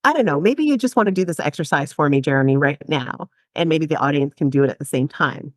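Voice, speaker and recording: Lively woman psychotherapist, low dry voice. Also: fast talker, no room sound. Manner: animated, laughs often, acts out quoted voices. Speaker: psychotherapist guest. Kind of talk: podcast interview.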